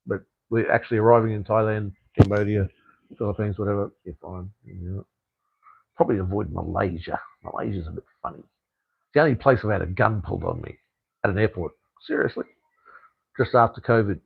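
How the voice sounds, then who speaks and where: A blunt Australian man rambles through a casual live stream, tossing "mate" around and swearing freely. His voice has a gravelly edge and sounds dry and a little dull, as if recorded close with no room around it. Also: on the low side, expressive, brisk, no echo. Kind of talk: casual live stream chat answering viewer comments.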